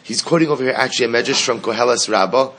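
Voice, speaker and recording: A man teaching a story, reading a text aloud and translating it line by line in an animated way. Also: mid-range voice, racing. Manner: animated, repeats words as he translates.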